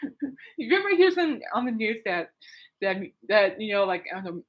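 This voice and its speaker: A woman hosting her own podcast alone at home at night, telling a long story in a rambling, excitable way full of fillers and asides. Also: on the high side, a little fast, lo-fi sound. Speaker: podcast host. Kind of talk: casual rambling monologue.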